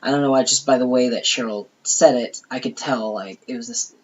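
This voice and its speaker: A woman with a strikingly deep voice tells a long story on a casual podcast, leaning hard on "you know" and "like" and swearing freely. The audio is dull and lo-fi. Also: brisk. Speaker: podcast co-host.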